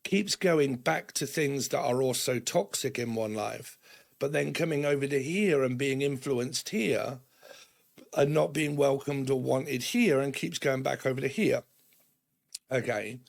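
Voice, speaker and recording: A British man giving a rambling, casual tarot reading to camera, tagging his points with "okay" and "right" and acting out quick quoted voices. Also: mid-range voice, creaky. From Britain. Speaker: tarot reader.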